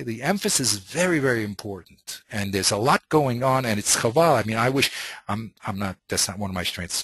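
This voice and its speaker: A man's voice: on the low side, pushed and bright, slightly rough, no echo. A man teaching a Talmud class in an informal lecture style, thinking aloud with many restarts and Hebrew and Yiddish terms.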